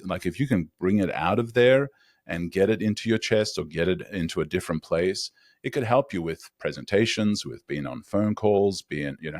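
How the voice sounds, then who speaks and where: A man's voice: deep voice, no echo, clean studio sound. A man hosting a podcast, asking long rambling questions full of fillers and restarts. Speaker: podcast host. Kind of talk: casual podcast interview.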